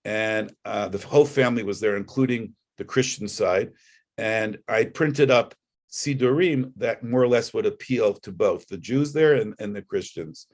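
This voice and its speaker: A man's voice: lowish voice, moderate pace, a little mellow. A man sharing a personal reflection over a video call, rambling with frequent restarts. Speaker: guest speaker.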